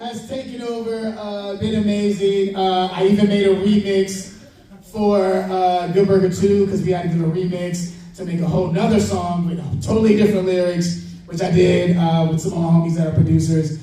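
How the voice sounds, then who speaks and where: A man from Chicago, a panel guest actor, telling stories at a comic con Q&A, animated and laughing, with loud shout-outs. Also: high-pitched, moderate pace. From Chicago, United States. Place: large convention hall. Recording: echoey hall, taped from far off.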